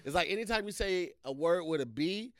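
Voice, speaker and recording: A man co-hosting a podcast, telling animated stories in casual chat and acting out what people said. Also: sits high, fairly quick, no room sound. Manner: animated storytelling, acts out quotes. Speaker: podcast co-host.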